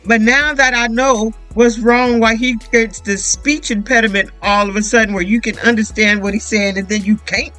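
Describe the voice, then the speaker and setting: A YouTube reality TV commentator, a woman with a medium-pitched voice, gives a casual recap that is blunt and profane. She retells events animatedly, acting out quoted voices, and the recording is rough.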